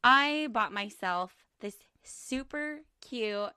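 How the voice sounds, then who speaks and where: A woman co-hosting a podcast in a relaxed chat with friends, giggly and chatty. Her voice is bright and clear, and she talks slowly, stretching her phrases. The recording is dry and close. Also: a little high, dry recording. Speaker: podcast co-host. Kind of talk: casual chat among friends.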